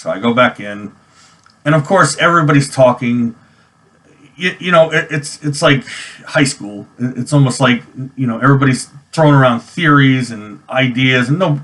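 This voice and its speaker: A man's voice: mid-range voice, a bit bright. A man in his forties from New York, telling a personal army memory in a casual, rambling way full of restarts and fillers. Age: 40s. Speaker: army veteran vlogger. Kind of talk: personal storytelling vlog.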